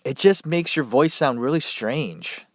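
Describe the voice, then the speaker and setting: A man with a naturally nasal voice, made thicker by a stuffy head cold, tells a story in an unhurried, casual podcast manner. He drifts into loose, profane asides. The sound is dry and close, with no room around him. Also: medium pitch, lively intonation, no echo. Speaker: podcast host.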